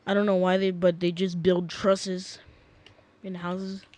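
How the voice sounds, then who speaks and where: A man's voice: high-pitched, completely flat delivery, measured pace, darkish tone. A young man casually rambling through gameplay commentary at home, often sidetracked and full of fillers. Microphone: desk mic.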